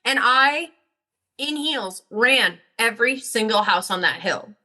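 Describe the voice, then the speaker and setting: A woman hosting a podcast, rambling through casual chat with animated storytelling and plenty of swearing. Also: on the high side, a little slow. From Northern New York. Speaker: podcast host.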